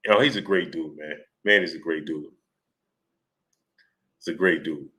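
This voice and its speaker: A man's voice: extremely low pitch, unhurried. A man hosting a live stream, greeting viewers and retelling stories with laughter and quoted voices. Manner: animated storytelling, laughing, mimicking voices. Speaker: host. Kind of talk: live stream chat, reading Super Chats.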